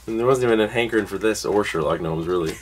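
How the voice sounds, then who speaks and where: A man's voice: on the low side, fast talker, low-quality recording. A young man co-hosting a casual movie collection video, teasing his friend with jokes. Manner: teasing, joking banter. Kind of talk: casual chat.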